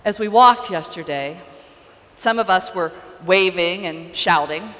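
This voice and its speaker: A woman pastor preaching a sermon, telling a story in an earnest, deliberate way. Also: fairly low pitch, fairly bright tone, in a large hall.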